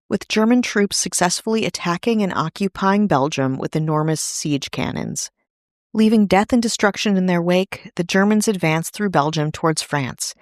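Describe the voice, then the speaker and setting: A woman's voice: fairly low pitch, no echo, studio quality. A woman hosting a podcast, narrating a history story from a script, with casual asides now and then. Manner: conversational asides in a storytelling read. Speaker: podcast host.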